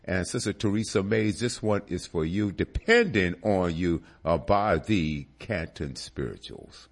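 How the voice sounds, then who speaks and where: A man with a deep, husky voice hosts a gospel radio show in a casual announcing style. He gives friendly shout-outs to listeners, often pausing on fillers, and his pitch moves in a lively way.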